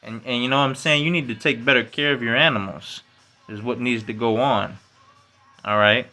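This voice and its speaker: Speaking at a moderate pace over soft background music, a man hosts a laid-back solo podcast. His speech is slangy and full of swearing, "you know," and "man," and it rises loud and high when he's worked up.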